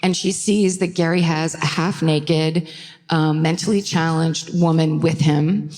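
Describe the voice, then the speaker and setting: A woman with a deep, steady, slightly mellow voice co-hosts a true crime podcast live on a theater stage, speaking a little slowly. She tells the case casually, swearing and laughing in asides to the audience, and the sound carries the reverberation of a live theater.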